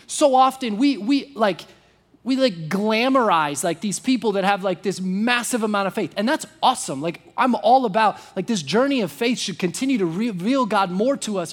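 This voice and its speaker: A man's voice: high-pitched, expressive, normal speed. A young man preaching a sermon in a conversational way, full of fillers and restarts, acting out quoted voices. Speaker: pastor.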